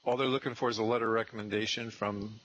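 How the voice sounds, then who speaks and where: A man coaching a trainee one on one on real estate prospecting, animated and acting out sales scripts. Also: lowish voice, quick pace, dry recording, highs cut off.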